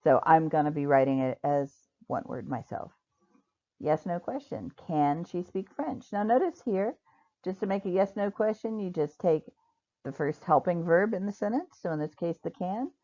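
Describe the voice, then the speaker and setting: A woman teaching English grammar in a recorded online lesson, patiently spelling out example sentences slowly. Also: on the low side, warm tone. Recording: dull lo-fi recording.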